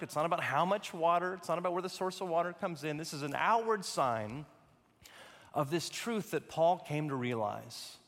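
A man with a high voice preaches a sermon as pastor, piling up repeated phrases for emphasis. His voice rings with the long reverb of a church hall. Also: a bit bright.

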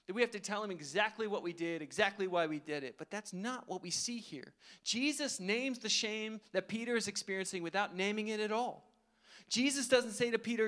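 A man's voice: high voice, a bit bright. A man preaching a sermon in an earnest, conversational way, asking the congregation rhetorical questions. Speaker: pastor.

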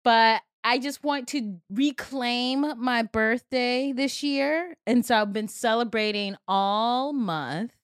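A woman's voice: a little high, takes it slowly, hardly any pauses, smooth, no room sound, studio quality. A woman in her thirties hosting a podcast in casual chat, giggly and playful, joking in mock slang. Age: 30s. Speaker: podcast host. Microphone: studio mic.

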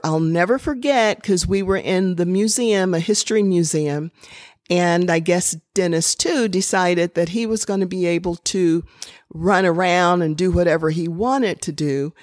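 An older woman talks through parenting advice in a calm, instructive way. She speaks slowly, and her voice sits a little low. The sound is dry and close, with no room around it. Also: no room sound. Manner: calm, instructive, tells personal stories. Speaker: parenting advisor. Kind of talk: slow, measured advice talk.

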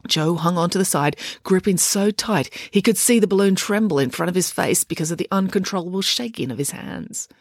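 A woman, narrating a children's audiobook in an expressive storytelling manner. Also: fairly low pitch, a little fast, hardly any pauses, no room sound, clean studio sound. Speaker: author and narrator.

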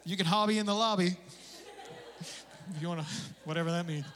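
A male pastor preaches in a lively, conversational way, tossing in jokes and casual asides. His voice sits high and rings bright. The sound carries a long reverb, as if it fills a large sanctuary. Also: a little fast. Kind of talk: sermon.

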